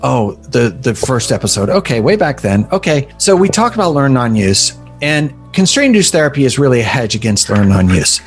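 A man hosting a podcast, telling stories in a casual, animated way and swearing now and then. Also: medium pitch, fairly quick, hardly any pauses, soft background music. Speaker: podcast host. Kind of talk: casual chat.

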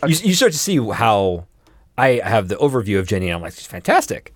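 A man co-hosting a podcast, chatting casually with wry jokes and quick agreeing interjections. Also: lowish voice, big pitch swings, no room sound, clean studio sound. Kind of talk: casual chat.

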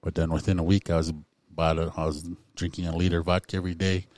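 Deep-voiced man telling his recovery story. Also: little pitch movement, fast, a little mellow, no echo, studio quality. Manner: candid, conversational storytelling with many fillers. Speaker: speaker sharing recovery story.

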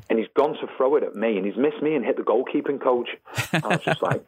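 A man's voice: fast, creaky, husky. A man, a former footballer, telling dressing-room stories and acting out the voices of people he quotes. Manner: animated, acts out quotes with rising pitch. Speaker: former footballer, podcast guest. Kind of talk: anecdotal storytelling. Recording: phone-line quality audio.

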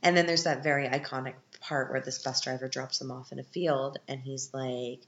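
A woman with a very deep, gravelly voice chats through a casual film recap, candid and wry. The sound is roomy and a bit dull and lo-fi. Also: little pitch movement, moderate pace, fairly bright tone, slight background noise. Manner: chatty, candid, sarcastic asides. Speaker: podcast host. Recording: echoey, dull lo-fi room.

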